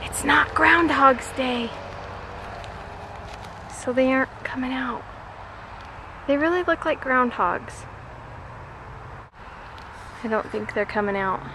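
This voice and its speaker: Chatty high-voiced mom outdoors. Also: female voice, slow pace, long pauses, background noise. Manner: chatty, excitable, drops to whispers. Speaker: mother and vlogger. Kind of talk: casual family vlog chat. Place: outdoors near a freeway.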